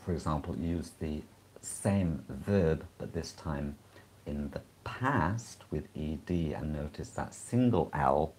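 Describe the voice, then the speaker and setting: Very deep, husky-voiced male English teacher. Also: a little mellow. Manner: explanatory, measured, frequent "uh" pauses. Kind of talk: live-streamed exam advice lesson.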